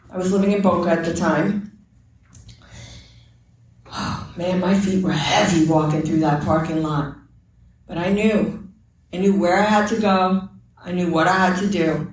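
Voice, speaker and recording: A woman's voice: medium pitch, steady tone, normal speed, long pauses, darkish tone, a little hiss or hum. Woman telling her story in an echoey room. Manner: candid, earnest storytelling with quoted dialogue. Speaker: recovery meeting speaker. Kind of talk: personal testimony at a recovery meeting. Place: meeting room. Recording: very echoey room, speaker far from mic.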